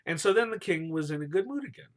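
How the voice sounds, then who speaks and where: A man's voice: on the high side, animated, fast. A man retelling a scripture story casually and playfully, cheering and booing the names as he goes, in slangy speech.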